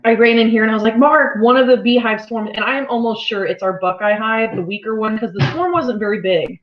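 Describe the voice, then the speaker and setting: A woman's voice: fairly high pitch, a little fast. A woman hosting a casual farm livestream from home, chatty and rambling, laughing often. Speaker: farm channel host. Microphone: laptop mic. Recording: slightly dull lo-fi livestream audio.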